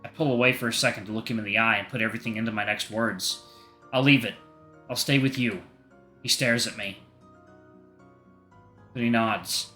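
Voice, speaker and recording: A man's voice: fairly low pitch, steady tone, moderate pace, long pauses, sharp tone, faint music behind. A gaming streamer, a man, reading a story game aloud and breaking off for playful, jokey asides. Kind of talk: reading a visual novel aloud with commentary.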